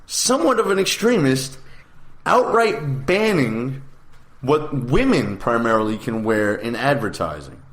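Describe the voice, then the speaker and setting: A man co-hosting political talk radio, ranting emphatically and at times shouting. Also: fairly high pitch. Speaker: co-host. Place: radio studio.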